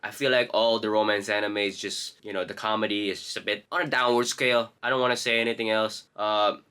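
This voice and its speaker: A man's voice: on the low side, level tone, fast talker, sharp tone, clean tone. A young man ranting casually about an anime, blunt and profane, rambling and correcting himself as he goes. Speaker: anime commentator. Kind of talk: casual rant to camera.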